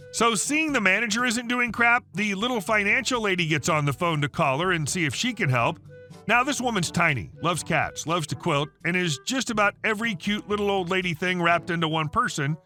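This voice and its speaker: A man reading an online story aloud in a chatty first-person voice. His voice sits high and swings lively, with a very bright, cutting edge. Faint music plays underneath. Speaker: story narrator. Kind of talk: scripted narration of an online story.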